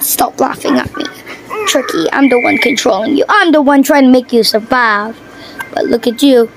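A woman chatting casually over her gameplay, excitable and quick to gasp and yelp at what happens on screen. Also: high voice, rough recording. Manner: excitable, yelps and gasps at the game. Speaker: mobile game player.

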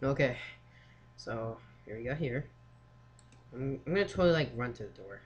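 A man's voice: medium pitch, animated, normal speed, highs cut off. A young man hosting his gaming channel, talking casually through a horror game while feeling ill. He rambles with fillers and swears often when startled. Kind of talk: casual let's play commentary.

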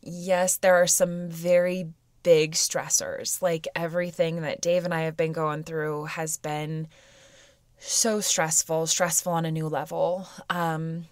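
Candid woman musing, low and dry. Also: flat delivery, slow pace, no room sound. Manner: candid, meandering, with frequent fillers. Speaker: podcast host. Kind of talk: reflective personal podcast monologue.

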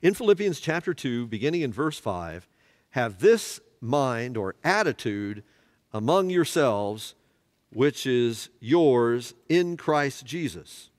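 A man's voice: mid-range voice, big pitch swings, slow pace. Man teaching in an echoing church. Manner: asks the class questions and has them fill in words. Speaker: Bible study teacher. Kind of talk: church Bible study teaching.

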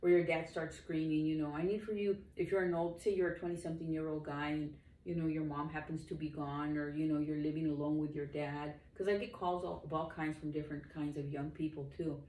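A woman's voice: deep voice, little pitch movement, fairly quick, hardly any pauses, warm tone. A woman in her sixties, a lay minister, preaching informally to the camera in an earnest, emphatic and rambling way. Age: 60s. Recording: roomy echo, distant mic, faint background noise.

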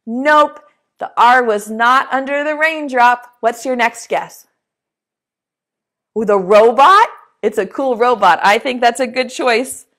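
A woman teaching a preschool lesson, talking to young children in a slow, encouraging way and asking them to repeat words after her. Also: fairly high pitch, fairly bright tone.

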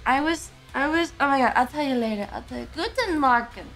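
A woman's voice: high-pitched, brisk, fairly bright tone, soft background music. A woman streamer chatting casually with her viewers, sleepy and slurring her words. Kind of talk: casual livestream chat.

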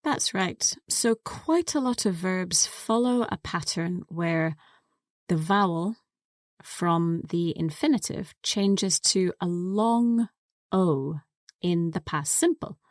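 A woman co-hosting an English lesson podcast, patiently explaining words step by step in a clear teaching manner. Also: fairly low pitch, takes it slowly, no room sound, clean studio sound.

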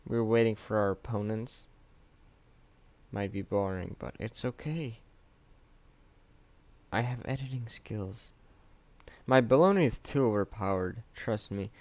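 A young man from Canada chatting casually over his gameplay, swearing often and swinging between mumbled asides and loud outbursts. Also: lowish voice, a little slow, pauses often, no room sound. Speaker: gaming youtuber.

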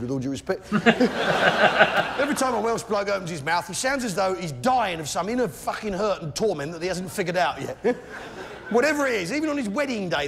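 Blustering comic, loud crowd. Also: male voice, high voice. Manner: blustering pub-landlord bravado. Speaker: stand-up comedian. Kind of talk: live stand-up set. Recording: loud crowd laughter, live venue.

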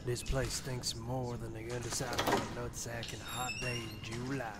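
A man's voice: mid-range voice, little pitch movement, moderate pace, lightly acted. A man voicing a crude, dim-witted man poking around a derelict house, rambling and muttering vulgar remarks to himself as a comedic game parody voice-over. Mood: grumbling. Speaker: comedic dub voice. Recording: game ambience noise behind the voice.

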